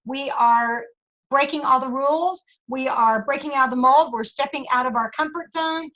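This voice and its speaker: Bright, high-voiced upbeat woman on a call. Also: normal speed, lo-fi sound. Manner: upbeat and energetic, tells stories with voices. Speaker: sales director leading a team call. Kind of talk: motivational team meeting. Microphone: video call.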